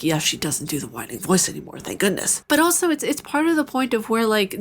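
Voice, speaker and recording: A woman's voice: fairly low pitch, a little hiss or hum. A young adult woman giving a casual, enthusiastic video game review, chatty and full of fillers.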